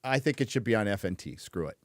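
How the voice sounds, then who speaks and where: A man's voice: fairly low pitch, animated, fast, no room sound. A man hosting a casual chat show, blunt and frequently swearing, laughing between remarks. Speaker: host.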